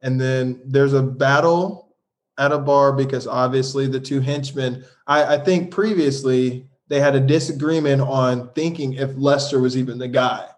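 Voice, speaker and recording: A man in casual podcast chat, talking through a TV episode. His pitch sits in the middle, and his remarks come out easygoing and a little dry. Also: fairly even intonation, normal speed. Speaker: podcast co-host.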